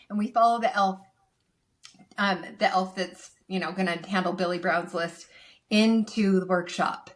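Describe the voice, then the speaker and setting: A woman guest on a casual podcast, retelling a cartoon in an animated, gushing way. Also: medium pitch, normal speed.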